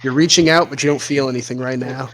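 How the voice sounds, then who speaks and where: Acting as game master, a man with a mid-range voice calmly narrates the action and lays out the rules in a measured manner. Background noise can be heard.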